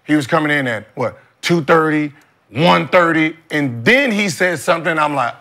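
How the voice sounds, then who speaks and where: A man co-hosting a sports podcast, arguing loudly over others and swearing freely. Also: a little high, lively intonation, normal speed. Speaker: podcast co-host. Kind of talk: heated sports debate.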